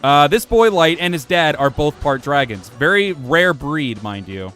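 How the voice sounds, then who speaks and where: Lively rambling man streaming a game. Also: fairly high pitch, a little slow. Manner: rambling, self-mocking, swears freely. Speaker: gaming streamer. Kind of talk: casual gameplay commentary. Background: faint music playing from his computer.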